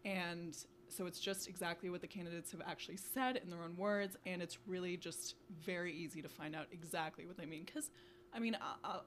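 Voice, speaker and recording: A young woman co-hosting a podcast in casual chat, talking quickly with lots of fillers like "you know" and "like". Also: fairly low pitch, slight background noise. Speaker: podcast co-host.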